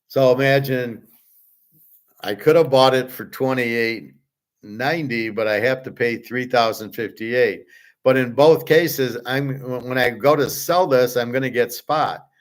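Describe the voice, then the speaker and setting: A middle-aged man hosting a show, talking casually in a blunt, profane and exasperated way. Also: medium pitch. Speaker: host. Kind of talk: casual ranting commentary.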